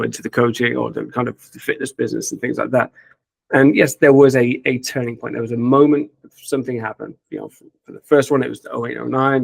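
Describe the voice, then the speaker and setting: Male host, gravelly tone, dry close sound, thoughtful measured questions. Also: medium pitch, no room sound. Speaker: podcast host. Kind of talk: interview questions.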